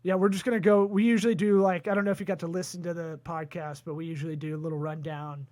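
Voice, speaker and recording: Loud joking man reading podcast ads. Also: a little high, fairly even intonation, fast. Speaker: podcast host. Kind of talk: comedic podcast banter and ad reads.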